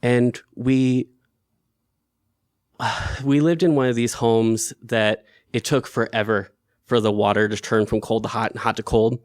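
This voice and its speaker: A man with a mid-range voice tells a personal story in an earnest, emotional way. His pitch climbs sharply in the upset moments. The sound is dry, with no room echo. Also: steady tone, measured pace.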